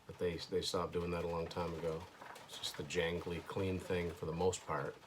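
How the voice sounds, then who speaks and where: A man's voice: deep voice, level tone, moderate pace, slight background noise. A man hosting his own show, casually thinking aloud through a first listen of an album, hesitant and with dry asides, at home indoors. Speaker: host.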